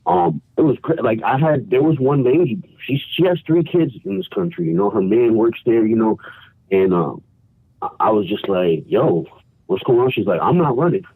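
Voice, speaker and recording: A man from New York calling in by phone and telling a story in animated slang, often saying "bro" and "yo". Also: fairly low pitch, moderate pace, husky, no room sound. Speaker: caller. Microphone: phone call. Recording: tinny phone line.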